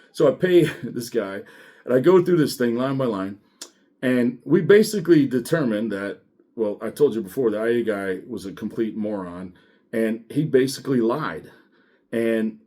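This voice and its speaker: A man's voice: medium pitch, warm tone. A man, a former deputy, telling a blunt, profane story casually to camera and quoting others as he goes. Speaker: former sheriff's deputy and diver.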